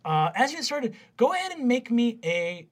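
A man's voice: extremely high pitch, sing-song, moderate pace. A man narrating loosely as game master of a tabletop game, rambling and swearing.

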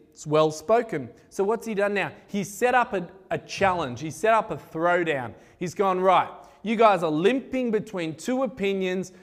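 High-voiced man preaching in a hall. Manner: animated, conversational retelling with laughing asides. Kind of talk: sermon. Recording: echoey hall.

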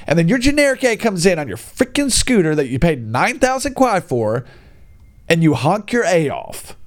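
A man vlogging casual tips, ranting in an exasperated, animated way and mincing his swears. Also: sits high, moderate pace. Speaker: vlogger giving e-bike riding tips.

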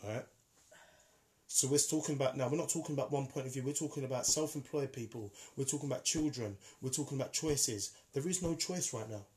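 A man's voice: mid-range voice, quick pace, darkish tone. Emphatic man arguing his point. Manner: emphatic, argumentative, repeats himself. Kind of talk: casual debate.

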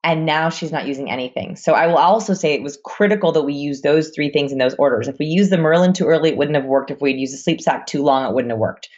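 Low-voiced woman, chatty and rambling. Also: fast, hardly any pauses, a little mellow, lo-fi sound. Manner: chatty and rambling, with many fillers. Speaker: guest, new mother. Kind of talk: casual podcast chat.

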